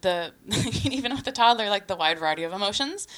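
A woman's voice: medium pitch, lively intonation, a little fast, fairly bright tone. A woman co-hosting a casual podcast, thinking aloud in a hesitant, reflective way with many fillers.

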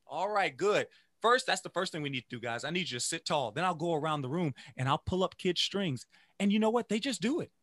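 A man who teaches music, giving an energetic motivational talk to teachers and chanting phrases in rhythm. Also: fairly high pitch, quick pace, dry recording. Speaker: music educator.

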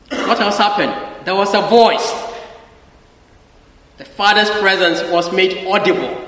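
A man's voice: a little high, bright, forceful tone. A man preaching a sermon with emphasis, repeating his key phrases and asking the congregation for agreement. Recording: echoey hall, dull lo-fi sound.

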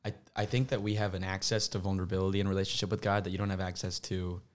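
A man's voice: deep voice, level tone, racing. A young man co-hosting a faith podcast, talking openly and earnestly in casual slang. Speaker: podcast co-host. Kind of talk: candid faith podcast chat.

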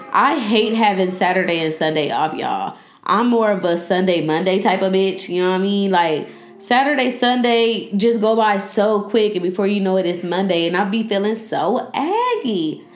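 A young woman hosting a podcast in a casual, joking chat style, loud and animated. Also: medium pitch. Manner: loud, joking and animated, talks back to the screen. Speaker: podcast host. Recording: echoey room.

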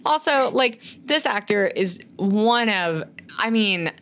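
A woman's voice: mid-range voice, expressive, slow, a bit bright. A woman recapping a film in casual chat, rambling with lots of fillers and swearing freely. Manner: chatty, filler-heavy, swears often.

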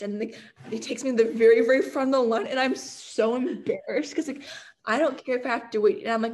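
A young woman from Canada telling stories in a casual interview, chatty and animated, full of "like" fillers and laughter. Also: fairly high pitch, fast talker, slight background noise. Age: young adult. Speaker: guest, college football kicker.

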